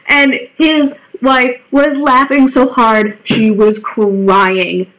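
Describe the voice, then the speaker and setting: Woman, mid-twenties, casual vlog storyteller; wry, fairly high voice, swears freely. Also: level tone, very slow, few pauses, a bit bright, poor audio. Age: 20s. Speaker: vlogger. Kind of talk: casual storytelling while drawing.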